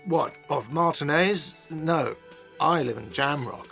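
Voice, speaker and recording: An actor playing an irritable hostel manager who grumbles defensively and sounds petty. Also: male voice, on the high side, slow pace, gravelly, a bit bright, soft background music, full character voice. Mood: grumbling.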